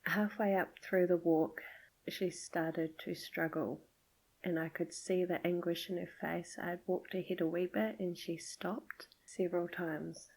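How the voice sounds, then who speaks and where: A middle-aged woman hosting a podcast, gently telling a personal story in a soft, often half-whispered voice. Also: on the low side, level tone, measured pace, breathy edge, low-quality recording. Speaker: podcast host.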